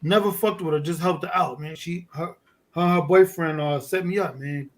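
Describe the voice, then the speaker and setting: New man, a bit high-voiced, a guest spinning a gritty story with lots of energy. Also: normal speed. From Fort Greene, Brooklyn. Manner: animated, profane street storytelling. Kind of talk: casual storytelling.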